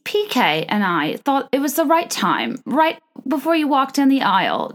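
A woman voicing a fussy, indignant socialite woman with an affected hybrid accent, complaining in a raised voice. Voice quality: affected, high-pitched complaining.

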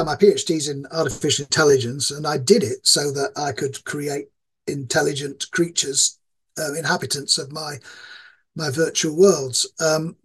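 A man from Yorkshire with a Yorkshire accent, a professor talking as a guest, pausing often with ums. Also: on the high side, husky, rough recording. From Yorkshire, England. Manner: thoughtful, many ums and restarts. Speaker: guest, game design professor. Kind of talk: casual interview chat.

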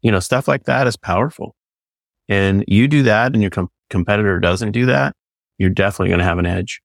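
Male podcast host from California, gravelly low voice, relaxed thinking-aloud delivery. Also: fairly quick, no echo, clean studio sound. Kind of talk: casual podcast conversation.

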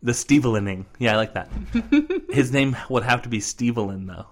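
A man's voice: medium pitch, fast, a bit bright. A young man co-hosting a podcast, chatting casually in a jokey, rambling way with many fillers. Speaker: podcast co-host. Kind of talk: casual chat.

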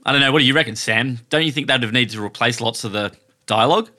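A man's voice: mid-range voice, fast, pushed and bright. A man chatting thoughtfully on a podcast, posing questions. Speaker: podcast co-host. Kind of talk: casual podcast chat.

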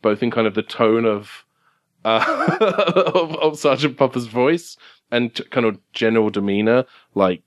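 A man's voice: medium pitch, expressive, a little slow. A man running a tabletop game as game master, his voice sitting in a middle register. He narrates loosely, with plenty of um's and restarts. He was recorded at a game store. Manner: hesitant, many fillers.

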